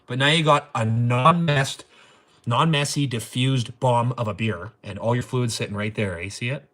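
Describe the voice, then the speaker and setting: A man's voice: mid-range voice, normal speed, a bit bright. A man hosting a casual livestream, joking crudely, laughing often and reading viewer comments. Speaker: livestream host.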